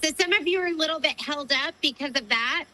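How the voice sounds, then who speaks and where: A woman's voice: high voice, quick pace, bright, forceful tone, rough recording. A woman co-hosting a shop livestream, chatting casually and explaining things plainly. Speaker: shop co-owner and livestream host.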